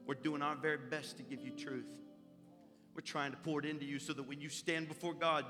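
A man's voice: a little high, flat delivery, brisk, pushed and bright. Fervent folksy man preaching over music. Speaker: pastor. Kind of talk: sermon. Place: church sanctuary. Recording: long reverb with music behind.

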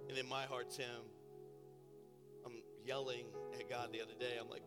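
A pastor preaching a sermon, building to impassioned, shouted declarations in a church sanctuary. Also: male voice, medium pitch, level tone, normal speed, pauses often. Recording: reverberant church hall with piano.

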